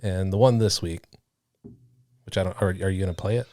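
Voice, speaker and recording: A man's voice: deep voice, fairly quick, darkish tone. A man co-hosting a casual podcast, laid-back and wry, laughing often. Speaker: podcast co-host. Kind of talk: casual chat.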